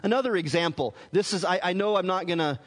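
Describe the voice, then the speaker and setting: High-voiced man preaching in a reverberant hall. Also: fast. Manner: earnest explaining, restarts words. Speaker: pastor. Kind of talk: teaching sermon.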